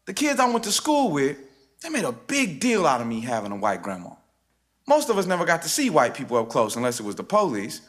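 A man, a rapper telling a spoken-word story in a rhythmic, wry way with dramatic pauses. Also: a little high, huge pitch swings, fairly bright tone. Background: guitar music.

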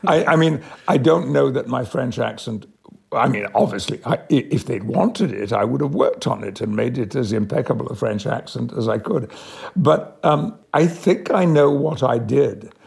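An older man from Yorkshire with an English accent, a veteran actor telling measured, reflective anecdotes in an interview and chuckling often. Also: medium pitch, expressive, gravelly, a little mellow, slightly rough. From Yorkshire, England. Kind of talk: interview storytelling.

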